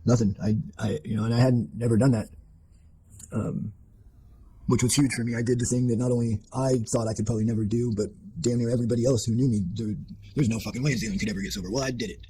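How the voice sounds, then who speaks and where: A man's voice: medium pitch, steady tone, quick pace, mellow, slight background noise, poor audio. A man telling his life story in an interview, blunt and profane, rambling with fillers and restarted sentences. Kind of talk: candid personal storytelling.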